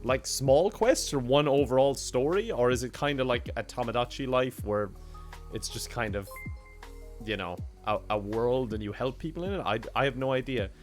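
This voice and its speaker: A man's voice: mid-range voice, animated, moderate pace. Male streamer, loose chatty delivery, laughs a lot, faint game music under his voice. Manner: chatty, laughs often, thanks viewers by name. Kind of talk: casual gaming livestream chat.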